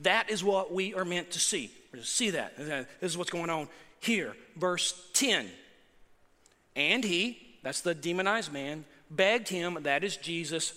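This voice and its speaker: Male pastor, sermon delivery, high and forceful, emphatic with rhetorical asides, long hall reverb. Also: expressive, a little slow.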